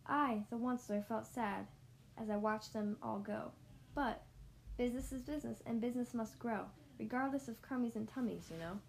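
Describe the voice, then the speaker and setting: Woman narrator, rhyming storybook read-aloud, sing-song rhythm, slightly high voice. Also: vocal fry, slight background noise, rough recording. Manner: rhythmic, sing-song rhymed reading, slowing for emphasis. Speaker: storybook reader.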